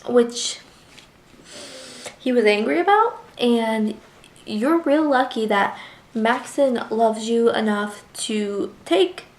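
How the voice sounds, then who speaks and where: A woman's voice: fairly high pitch, echoey room. A young woman reviewing a book in a casual vlog, chatty and gushing with lots of filler words.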